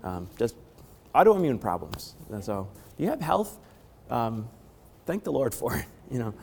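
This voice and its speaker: Hoarse man preaching in a reverberant hall. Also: mid-range voice, very animated, unhurried, a little mellow, a little hiss or hum. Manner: conversational, asks the congregation questions. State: hoarse from a head cold. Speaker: pastor. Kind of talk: sermon.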